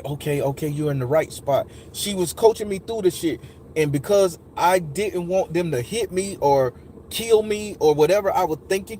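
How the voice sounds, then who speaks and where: A man recounts a painful memory in raw, profane, casual speech, his voice sitting a little higher than most men's. He acts out other people's lines as he goes, and a faint hum of ambience and passing vehicles sits behind him. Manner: emotional, profane, animated retelling with acted quotes. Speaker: storyteller recounting a personal memory. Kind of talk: casual spoken testimony.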